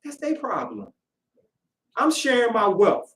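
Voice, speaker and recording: A man preaching a sermon in casual, conversational speech, lively as he acts out voices. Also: very high-pitched, a little slow, long pauses. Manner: animated, acts out quoted voices. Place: worship hall. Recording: echoey room, voice from far off.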